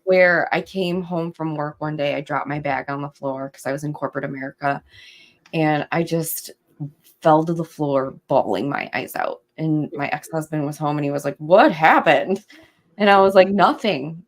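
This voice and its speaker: A young woman recounts a hard stretch of her life in easy podcast talk. Her voice sits a little low, with a gravelly fry, and she slips into lively acted-out quotes of what others said. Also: moderate pace. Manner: animated storytelling, acts out quotes. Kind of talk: casual podcast conversation.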